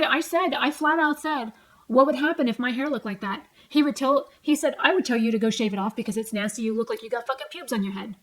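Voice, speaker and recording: A woman's voice: a little high, a bit bright, rough recording. A woman in her forties venting at home in a heated, profane rant, retelling arguments line by line. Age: 40s. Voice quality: heavy swearing, blunt and heated. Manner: retells arguments with quoted back-and-forth. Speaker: vlogger. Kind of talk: angry personal rant. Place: home, sitting on a tall stool.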